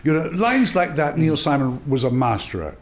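A man's voice: on the high side, moderate pace. An older man, an actor and drama teacher, telling anecdotes in an interview, acting out dialogue and laughing often. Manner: animated, acts out dialogue in voices, laughs often. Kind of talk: storytelling interview.

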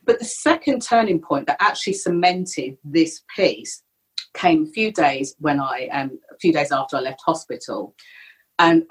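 A woman's voice: sits low, slightly rough, poor audio. A middle-aged woman, a podcast guest, candidly and reflectively recounting a personal story. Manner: candid, reflective, animated when retelling.

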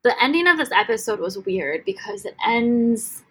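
Husky-voiced chatty woman podcaster. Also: on the high side, animated, normal speed, rough recording. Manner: chatty, lots of "like" fillers. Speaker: podcast co-host. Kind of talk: casual chat.

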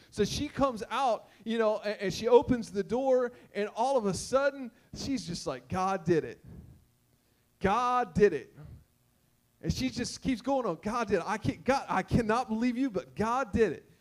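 Male preacher with a high voice, storytelling sermon, stammering repeats. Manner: storytelling with repeated words and sung snippets. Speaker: pastor.

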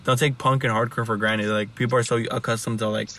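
Young guy host, bright forceful voice, rambles w tons of "like", bit of background hiss. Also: mid-range voice, little pitch movement, fast talker, distant mic. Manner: rambling, full of "like" and restarts, swears freely. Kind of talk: casual chat.

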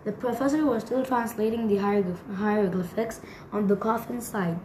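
A woman's voice: mid-range voice, normal speed, slight background noise. Woman reading a storybook aloud. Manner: steady reading with small stumbles. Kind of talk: storybook narration. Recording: echoey room.

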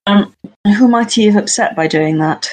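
A player in a tabletop role-playing game, calm and questioning. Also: medium pitch, moderate pace.

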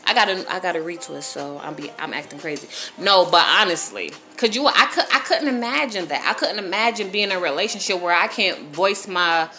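A woman's voice: lowish voice, animated, fairly quick, few pauses, sharp tone, soft background music. A woman around forty talking unscripted on a live stream, giving blunt, profane advice straight to her viewers. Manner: blunt, profane, preachy, addresses viewers directly.

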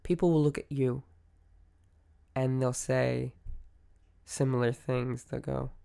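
A man of middling pitch talks alone into a podcast mic with a gravelly edge to his voice. He is reflective and conversational, stopping to correct himself and filling gaps with ums. When he quotes other people, he drops lower and quieter. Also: little pitch movement, slow pace. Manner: reflective, conversational, with many fillers and self-corrections. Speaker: podcast host. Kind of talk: solo podcast monologue on mental health.

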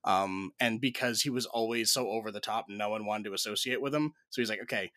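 A man co-hosting a podcast, telling a rambling story in casual chat, full of fillers and quick laughs. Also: fairly low pitch, pushed and bright. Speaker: podcast co-host.

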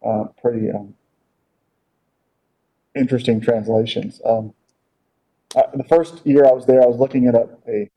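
Dark-voiced man teaching a halting Bible class. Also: mid-range voice, fairly even intonation, breathy edge. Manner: halting, many fillers and repeated words. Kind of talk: casual classroom lecture. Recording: dull lo-fi recording.

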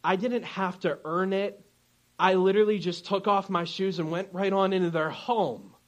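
Man, pastor, preaching a sermon, high voice, storytelling, acts out quotes. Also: normal speed, dull audio.

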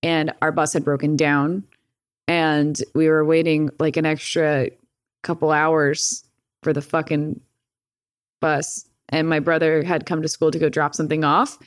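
Young woman, lowish voice, dry close sound, loose profane storyteller. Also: measured pace, dry recording. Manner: profane, filler-heavy with "like"; animated retelling with laughs. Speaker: streamer guest. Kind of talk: casual storytelling.

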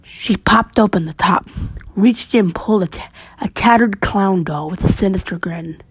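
A woman podcast storyteller reading a spooky comic tale with brisk, deadpan narration. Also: medium pitch, breathy edge, dry recording, rough recording.

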